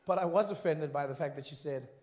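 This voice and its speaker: Animated stand-up comic man, high voice. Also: fast talker, some chatter behind. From Africa. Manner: animated, acts out high-pitched characters, bursts into shouting. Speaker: stand-up comedian. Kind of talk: stand-up comedy set. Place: comedy stage before a laughing audience.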